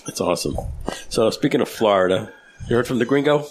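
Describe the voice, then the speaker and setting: An easygoing man co-hosting a casual cigar podcast, his pitch moving freely as he chats. Faint clicks and background noise sit under his voice. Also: animated, a little fast. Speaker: podcast co-host. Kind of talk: casual chat.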